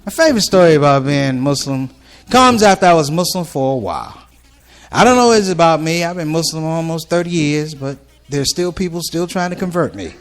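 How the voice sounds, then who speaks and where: Animated, lively-voiced male stand-up comic. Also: fairly high pitch, a little fast. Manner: conversational, animated, jumps between voices. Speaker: stand-up comedian. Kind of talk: live stand-up storytelling. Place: ballroom event, live audience.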